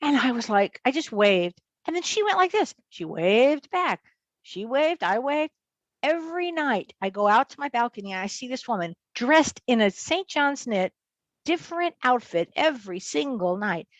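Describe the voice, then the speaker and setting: A woman working as a medium tells a personal story as an interview guest, fast and vivid, acting out the dialogue. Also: a little high, big pitch swings, no echo.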